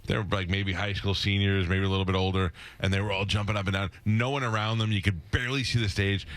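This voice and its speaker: A man's voice: fairly low pitch, steady tone, a bit bright, no echo. A male radio host telling stories in casual studio chat and acting out the people he quotes. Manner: fast-talking storyteller, acts out quoted voices.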